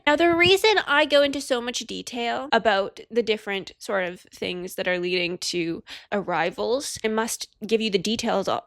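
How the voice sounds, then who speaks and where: A woman's voice: medium pitch, a bit bright, no echo, clean studio sound. A young woman casually recapping a romance novel, chatty, with joking asides. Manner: chatty, joking asides, plays characters in quick put-on voices. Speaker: book vlogger.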